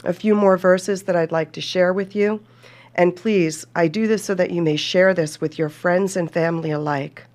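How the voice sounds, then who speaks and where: A woman's voice: lowish voice, steady tone, normal speed, darkish tone. A woman hosting a podcast, speaking earnestly and heartfeltly to listeners she calls folks and reading scripture aloud. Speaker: podcast host.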